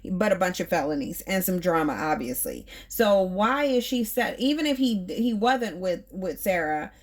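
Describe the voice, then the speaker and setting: A woman's voice: on the low side, lively intonation, moderate pace. A woman in her thirties reviewing a reality TV show, talking bluntly and emphatically and asking her viewers rhetorical questions. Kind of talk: opinionated commentary.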